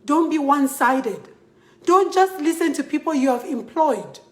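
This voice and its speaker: A young woman with a Zambian accent delivers an impassioned appeal straight to the camera, emphatic and repetitive as she pleads and scolds. Her voice sits high, and the room around her echoes. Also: expressive, moderate pace, darkish tone. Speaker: model speaking out.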